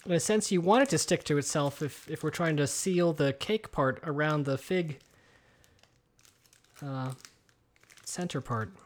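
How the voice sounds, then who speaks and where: Rambling man with a raised pitch. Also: unhurried. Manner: rambling, hesitant, many fillers and restarts. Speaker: podcast co-host. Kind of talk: casual podcast chat. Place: home kitchen. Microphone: headset microphone with headphones.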